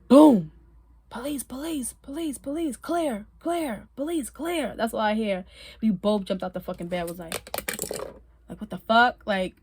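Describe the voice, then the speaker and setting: A woman telling her own story in a casual, animated way, swearing often and laughing now and then. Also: medium pitch.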